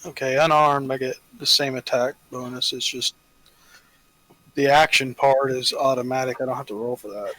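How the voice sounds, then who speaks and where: A man's voice: medium pitch, steady tone, moderate pace, bright, forceful tone, dry recording, low-quality recording. A man playing a tabletop game, thinking aloud hesitantly about his character's rules. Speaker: player. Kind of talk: casual tabletop game talk.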